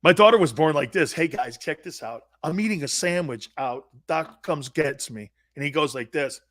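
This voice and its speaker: Emphatic, slightly high man, host. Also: lively intonation, moderate pace, fairly bright tone, no room sound, studio quality. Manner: emphatic, blunt, salty slang. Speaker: sports talk show host, former pro football player. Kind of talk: animated personal storytelling.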